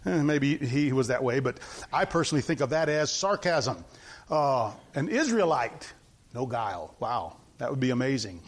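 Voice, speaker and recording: A man preaching a conversational sermon. He reads scripture aloud, repeats his points for emphasis, and makes quick asides to the congregation. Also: mid-range voice, big pitch swings.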